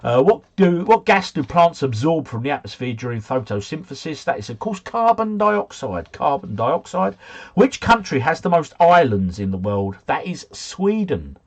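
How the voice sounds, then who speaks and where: Chatty husky-voiced man hosting a quiz. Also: a little high, sing-song, moderate pace. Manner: chatty, jokey, reads viewer scores aloud. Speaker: quiz host. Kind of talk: casual live quiz stream.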